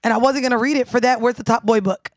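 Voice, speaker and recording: Blunt, brash woman podcast co-host, slightly high-pitched, recorded dry and close. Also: fairly even intonation, quick pace, darkish tone, dry recording. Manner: brash, blunt, swears freely and laughs often. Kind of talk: casual chat.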